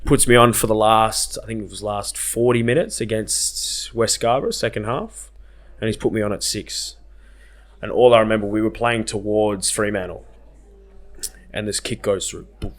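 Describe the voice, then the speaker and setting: A young man in his twenties with an Australian accent, a podcast guest telling animated, self-mocking stories in casual slang. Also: fairly low pitch, moderate pace. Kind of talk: casual storytelling.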